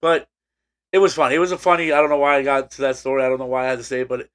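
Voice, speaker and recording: A medium-pitched man races through a long, rambling story on a casual podcast he co-hosts, his tone clean and a bit bright. He keeps restarting and using fillers.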